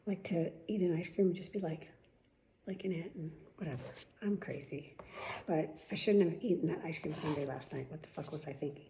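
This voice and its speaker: A woman's voice: sits low, a little fast, dark tone, slight background noise. A middle-aged woman chatting casually and rambling through stories, often swearing. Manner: chatty, profane, rambling storyteller. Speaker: vlog host. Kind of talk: casual chat.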